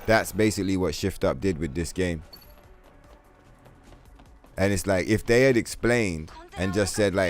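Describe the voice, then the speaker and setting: Deep-voiced profane male streamer. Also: moderate pace, long pauses, faint music behind. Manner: profane, rambling, laughing. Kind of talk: casual gaming livestream chat.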